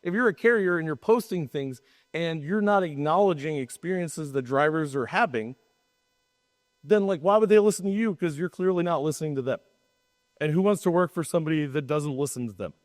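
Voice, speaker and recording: A man's voice: a little high, animated, brisk, big-room sound. A man co-hosting a podcast in casual chat, talking in a rambling, emphatic way and often restarting his sentences. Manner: rambling, self-interrupting, emphatic. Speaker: podcast co-host.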